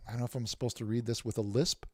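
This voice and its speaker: A man's voice: mid-range voice, little pitch movement, very fast, husky, no echo, studio quality. A man hosting a casual livestream, reading viewer messages aloud with many restarts and repeated words. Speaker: livestream host reading chat.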